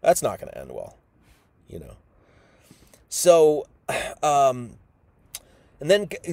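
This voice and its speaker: A man's voice: on the high side, huge pitch swings, slow pace, creaky, pauses often, warm tone, no echo. Casual, emphatic male preacher. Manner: casual and emphatic, acts out quoted characters. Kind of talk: informal sermon, Bible teaching.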